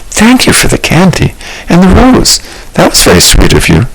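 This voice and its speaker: A man voicing Gwen, a gentle woman. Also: sits high, huge pitch swings, moderate pace, vocal fry, pitched above the performer's own voice, full character voice, rough recording. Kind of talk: audiobook character voice.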